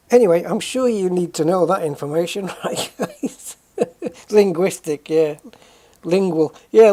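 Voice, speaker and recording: A man's voice: sits high, warm tone. A British man hosting a game livestream, chatting casually with viewers, greeting them by name and rambling through musings with many self-corrections. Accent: British English. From United Kingdom.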